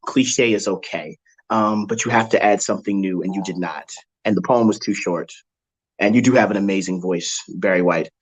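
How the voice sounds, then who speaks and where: A man with a very low voice judging a slam. He explains his verdict point by point in a lecturing, analytical way. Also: moderate pace, husky, low-quality recording. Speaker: judge. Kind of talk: detailed live critique.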